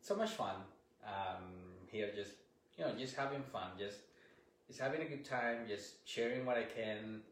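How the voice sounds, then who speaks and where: A man appearing as a guest on a talk show, speaking softly and hesitantly with many fillers. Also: mid-range voice, moderate pace. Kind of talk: casual interview conversation. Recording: very echoey room, distant from the mic, faint noise.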